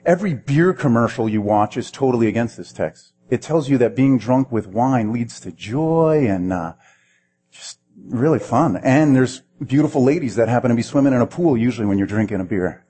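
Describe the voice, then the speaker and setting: A man's voice: medium pitch, expressive, moderate pace, warm tone. A man preaching a sermon in a conversational way, asking the listeners questions and often repeating words as he restarts. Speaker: pastor.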